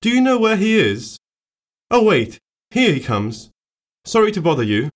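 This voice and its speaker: Man with a lively, slightly high voice. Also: normal speed. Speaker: dialogue actor in a listening exercise. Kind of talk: scripted everyday dialogue.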